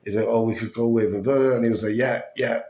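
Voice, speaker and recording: A man's voice: medium pitch, fairly even intonation, brisk, dark tone, echoey room. A man telling a story in a casual vlog, swearing often, sounding fatigued and acting out what others said. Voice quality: breathless, fatigued. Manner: swears a lot, acts out quoted dialogue.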